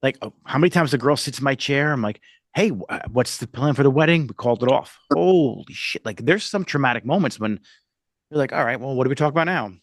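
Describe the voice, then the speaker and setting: Middle-aged male podcast host; loose, conversational delivery, lively pitch, dry close sound. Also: quick pace, no echo. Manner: conversational, frequent restarts and "like". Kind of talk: casual podcast chat.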